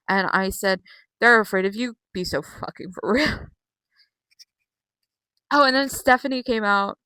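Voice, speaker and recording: Young woman, casual vlogger, bright crisp voice, dry close mic, chatty, swears freely, lots of fillers. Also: mid-range voice, dry recording. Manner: chatty and profane, with frequent fillers. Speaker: wrestling vlogger. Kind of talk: casual recap vlog.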